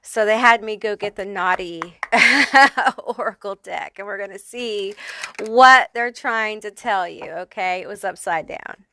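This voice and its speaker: A woman's voice: mid-range voice, a little slow, sharp tone. A woman giving a casual pick-a-card tarot reading who swears freely and laughs often. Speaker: tarot reader.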